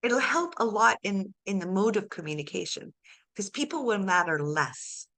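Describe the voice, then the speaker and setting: A woman's voice: medium pitch, animated, normal speed, a bit bright. A woman coaching a client one to one, acting out the client's inner dialogue and laughing often. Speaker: life coach. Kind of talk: coaching session.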